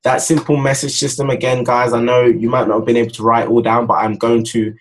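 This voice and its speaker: A young man giving a casual, energetic sales training talk, repeating his points and addressing viewers as "guys". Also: medium pitch, fast talker, slight background noise, poor audio. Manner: energetic, repetitive, speaks straight to viewers as "guys". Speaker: network marketing trainer.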